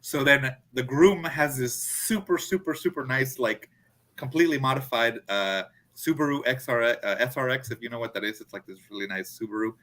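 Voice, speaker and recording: A man telling a story in a casual chat, animated, acting out his friends' lines. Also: medium pitch, brisk. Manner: animated, acts out friends' quotes. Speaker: podcast co-host.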